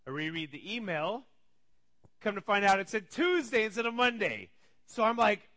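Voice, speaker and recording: A man in his thirties preaching, telling a family story and acting out his kids' voices with animated energy. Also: sits high, a little fast. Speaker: pastor. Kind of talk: storytelling sermon.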